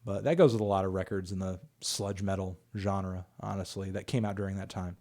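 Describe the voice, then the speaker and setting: Deep-voiced and dark in tone, this man speaks fairly quickly but steadily as he fields viewer questions on his livestream. He reviews music and talks in a relaxed, conversational way, with plenty of fillers and some casual swearing.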